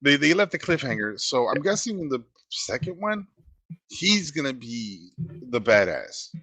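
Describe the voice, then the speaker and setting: A man's voice: mid-range voice, big pitch swings, unhurried, sharp tone, slightly rough, no room sound. A man co-hosting a casual movie review show, agreeable and chiming in with short replies. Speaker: podcast co-host.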